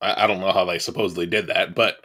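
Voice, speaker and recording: A man's voice: low voice, steady tone, fast talker, sharp tone. A man co-hosting a horror film podcast, chiming in with short agreements and side comments in casual chat. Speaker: podcast co-host.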